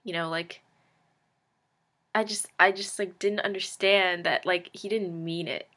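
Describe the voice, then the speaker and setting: Her voice sits on the low side, bright and forceful, with a measured pace and fairly even intonation. A late-teen vlogger, she chats to camera in a casual confessional, rambling, mocking herself, saying "like" constantly and adding candid, sarcastic jabs.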